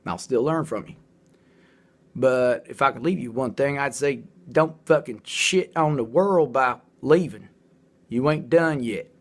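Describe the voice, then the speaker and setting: A man talks straight to the camera in a long, rambling monologue, blunt and quick to swear but earnest underneath. His voice sits at an ordinary middle pitch for a man. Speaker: self-described artist and writer.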